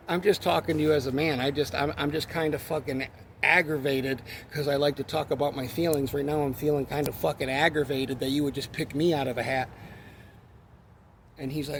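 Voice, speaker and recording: A man with a somewhat high, gravelly voice tells a heated, rambling story, swearing freely as he vents. Faint vehicle noise hums behind him. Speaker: forklift worker. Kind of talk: angry storytelling rant.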